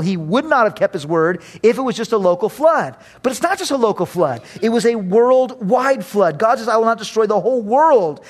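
A middle-aged man preaching a sermon as pastor, animated, swinging between loud and hushed, acting out other voices. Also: sits high. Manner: acts out voices of kids and critics.

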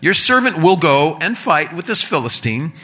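A man doing a high-pitched indignant teen boy. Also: big pitch swings, normal speed, pushed and bright, slightly rough, exaggerated voice. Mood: rallying. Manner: whiny, pleading, insistent. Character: teenage shepherd boy, earnest and indignant.

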